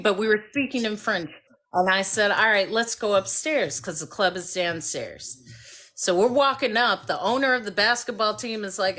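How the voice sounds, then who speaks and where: A woman hosting a casual live stream, telling a lively story and acting out the voices of the people in it. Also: mid-range voice, moderate pace. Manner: animated storyteller who acts out voices. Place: home by a fireplace.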